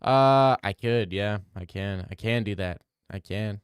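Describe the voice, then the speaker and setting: Young dude streaming, crude rambly jokes to chat, smooth clear voice, dry close sound. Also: male voice, lowish voice, measured pace, few pauses, no room sound. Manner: rambling, crude, jokey, slips into silly voices. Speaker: livestream host answering chat. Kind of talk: crude casual livestream chat.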